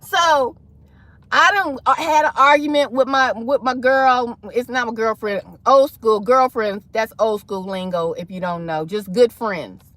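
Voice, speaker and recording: High lively woman livestreamer, dramatic storytelling, dry close sound. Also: unhurried, no room sound. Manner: animated, dramatic, acts out voices in her story. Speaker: livestream host.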